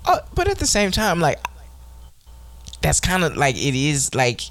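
Animated man musing aloud in recap chat. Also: fairly high pitch, a little slow. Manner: rambling, restarting, questioning. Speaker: podcast co-host.

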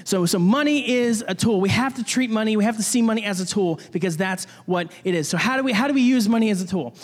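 A man's voice: sits high, quick pace, big-room sound. A young man preaching a casual sermon, talking conversationally with restarts and jokey asides. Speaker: pastor.

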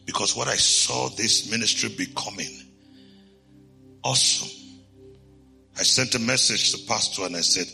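A man preaching a storytelling sermon as a bishop, animated and laughing, swinging from hushed to loud. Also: on the low side, moderate pace, gravelly, long pauses, soft background music.

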